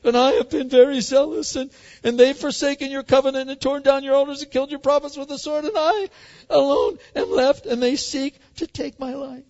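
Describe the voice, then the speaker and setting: A man voicing a self-pitying prophet who complains in a high, whining tone. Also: steady tone, fairly quick, darkish tone, big-room sound, highs cut off. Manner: whiny, complaining.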